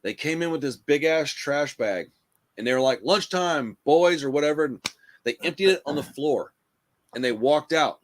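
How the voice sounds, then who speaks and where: A man hosts a loose, casual podcast chat. He tells his stories in a profane, animated way, and he leans on "bro" and "dude" constantly. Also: fairly high pitch, normal speed. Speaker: podcast host.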